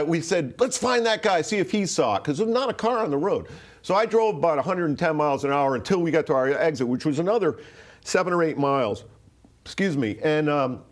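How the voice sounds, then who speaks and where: On the high side, the voice belongs to a sixty-something man from Rhode Island. Guesting on an interview, he wanders through a personal story, leaning heavily on "like," restarting himself and swearing along the way.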